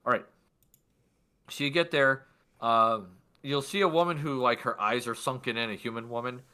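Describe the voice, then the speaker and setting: Bright-toned male game master, loose and full of fillers. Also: medium pitch, fairly even intonation, moderate pace, clear, resonant tone. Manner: loose narration with many fillers. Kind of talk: narrating a tabletop game.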